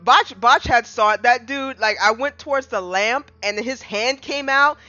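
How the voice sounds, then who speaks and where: A gaming streamer casually recapping a game, excitable, with dramatic restarts and big jumps in pitch. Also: measured pace, no room sound. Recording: slightly dull lo-fi mic with faint music.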